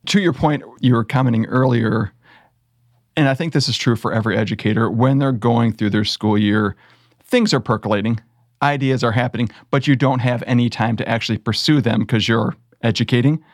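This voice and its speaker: A man's voice: mid-range voice, brisk, no echo, studio quality. A man hosting a casual podcast, joking and sarcastic, laughing often with his co-host.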